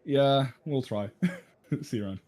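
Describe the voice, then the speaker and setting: Casual sim racer, man, lively up-and-down voice. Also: medium pitch, unhurried. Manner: casual, laid-back, chuckling. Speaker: sim racing driver. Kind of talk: post-race interview.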